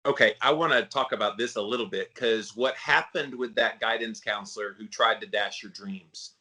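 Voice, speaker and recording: A man's voice: fairly low pitch, moderate pace, sharp tone. A man hosting a podcast interview, speaking reflectively and drawing points out of his guest's story. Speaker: podcast host. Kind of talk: casual interview chat.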